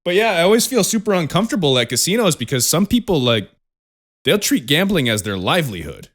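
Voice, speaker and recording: A man's voice: on the high side, sing-song, fast talker, fairly bright tone. A young man co-hosting a podcast, chatting casually with plenty of profanity and frequent laughter. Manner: profane, ranting, laughs often. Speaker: podcast co-host. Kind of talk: casual chat.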